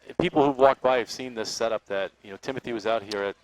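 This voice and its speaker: A man's voice: fairly low pitch, quick pace, slight background noise, low-quality recording. A man co-hosting a live broadcast outdoors at a parade, jumping in eagerly and wrapping up the show. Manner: jumps in eagerly, wraps up the show. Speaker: co-host. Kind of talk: casual live broadcast chat.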